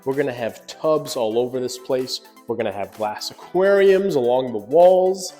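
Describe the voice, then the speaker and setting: A man hosting a fishkeeping vlog, chatting casually and excitedly to his viewers with rambling asides. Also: medium pitch, moderate pace, soft background music. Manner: rambling with fillers. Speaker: fishkeeping channel host.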